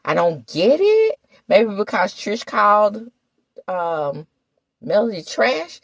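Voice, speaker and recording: Sassy, lively woman gossip host. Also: mid-range voice, takes it slowly, no echo. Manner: sassy, animated, talks straight to viewers. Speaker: gossip commentator. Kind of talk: casual reality TV recap.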